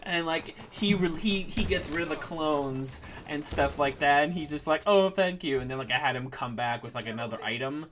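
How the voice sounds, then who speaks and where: A man's voice: a little high, moderate pace, hardly any pauses, a bit bright. A man with a slightly raised speaking voice chats on a game stream, rambling through stories with constant fillers and restarts. A faint hiss sits under his talk. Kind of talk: casual chat while gaming.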